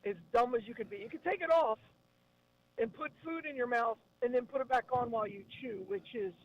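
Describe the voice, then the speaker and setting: A man's voice: very high-pitched, fairly quick. A man calling into a radio show as a regular guest, chatty and wry. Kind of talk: casual radio chat. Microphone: phone line. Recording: dull phone line audio.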